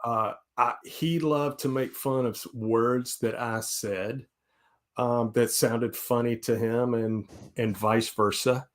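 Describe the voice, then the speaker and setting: A man's voice: medium pitch, fairly even intonation, slow. Easygoing Southern US man. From South Carolina, US. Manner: easygoing, rambling. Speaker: guest host. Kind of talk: casual live-stream chat.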